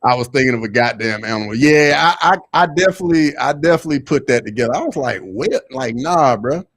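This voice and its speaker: A young man with a Southern accent, hosting a casual livestream and reading chat, loose and slangy, jumping to loud excited bursts. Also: medium pitch, fast talker, no echo, studio quality.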